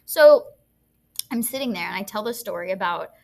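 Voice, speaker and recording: A woman's voice: medium pitch, moderate pace, creaky. A woman teacher co-hosting a podcast, telling funny classroom stories in casual chat and acting out the quotes. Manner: animated storyteller acting out quotes, laughs often.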